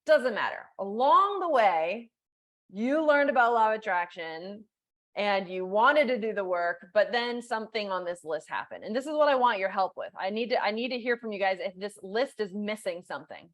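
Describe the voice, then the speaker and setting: A woman hosts a live coaching stream in an easygoing, chatty way, peppering her talk with "like" and working through viewer comments as she goes. Her voice sits at an ordinary middle pitch for a woman. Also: expressive, moderate pace, fairly bright tone. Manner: casual and chatty, with many "like"s, reading viewer comments aloud. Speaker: law of attraction coach and host.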